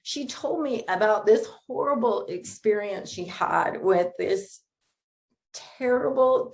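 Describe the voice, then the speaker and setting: A middle-aged woman minister from Florida, giving a chatty, conversational sermon full of stories, fillers and little laughs. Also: on the high side. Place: Sunday spiritual gathering streamed online.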